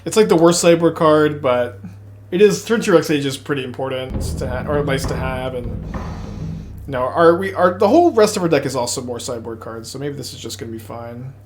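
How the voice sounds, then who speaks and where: Faint music plays behind a medium-pitched, brisk man with a Texas accent as he talks through his online card game. Into a desk mic, he thinks aloud in a rambling, excitable way, jumping between plays and tangents in casual gameplay commentary.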